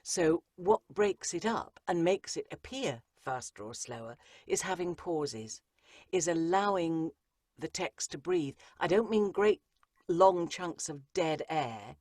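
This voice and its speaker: Low-voiced woman, emphatic coach. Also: big pitch swings, slow pace, darkish tone, dry recording, clean studio sound. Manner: emphatic, repeats phrases for effect. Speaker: audiobook narrator and coach, guest. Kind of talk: interview conversation.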